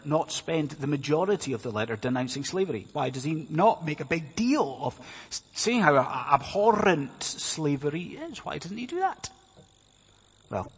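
A man's voice: fairly high pitch, husky. A man preaching a sermon, speaking emphatically and asking the congregation many rhetorical questions. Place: church hall. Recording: reverberant hall sound.

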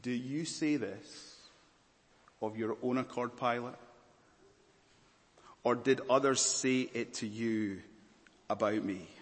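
A calm, probing teacher asks measured questions in an even, mid-range voice, as a male preacher puts him on. The sound carries a long hall reverb. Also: medium pitch, natural voice.

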